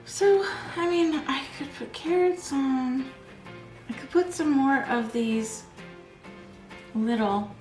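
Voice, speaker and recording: A middle-aged woman vlogging casually as she crafts, chatty and rambling, quick to laugh at herself. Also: sits high. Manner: chatty, rambling, giggly self-deprecating. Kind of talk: casual chat while crafting. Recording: echoey room, faint background music.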